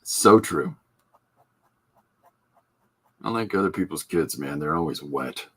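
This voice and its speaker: A man's voice: extremely low pitch, animated, takes it slowly, bright, forceful tone. A man hosting a live stream, chatting loosely as he demonstrates comic inking and coloring, rambling and joking with many fillers. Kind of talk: casual live drawing demonstration.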